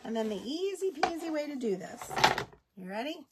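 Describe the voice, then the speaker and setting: A woman's voice: high voice, very animated, normal speed, very noisy. A woman hosting a live craft tutorial, chatting folksily with viewers as she works. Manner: baby talk to her dogs. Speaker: craft kit host.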